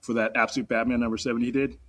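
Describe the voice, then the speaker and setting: A man's voice: medium pitch, level tone, racing, a bit bright. A man chatting casually on a podcast, rambling with enthusiasm. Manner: rambling, enthusiastic fan talk. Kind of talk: casual chat.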